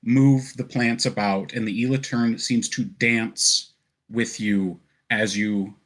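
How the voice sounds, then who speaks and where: Laid-back male game master narrating. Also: fairly low pitch. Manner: relaxed, descriptive, with frequent fillers and laughs.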